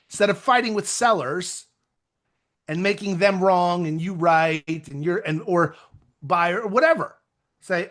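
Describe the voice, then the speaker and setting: A man coaching real estate agents in an energetic, conversational motivational talk with self-deprecating asides. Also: high-pitched, a little slow.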